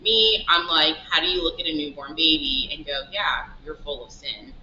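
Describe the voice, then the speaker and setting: A woman who owns a shop, telling stories in a casual interview and acting out the dialogue in lively quoted asides. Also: sits low, moderate pace, a little hiss or hum. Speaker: shop owner guest. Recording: roomy, dull lo-fi sound.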